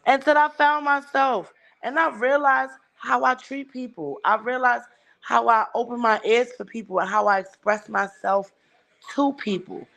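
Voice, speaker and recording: A woman's voice: on the high side, normal speed, gravelly, a bit bright. Blunt, swearing woman. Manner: blunt, heavy swearing, emphatic. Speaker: livestream host. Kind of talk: casual chat.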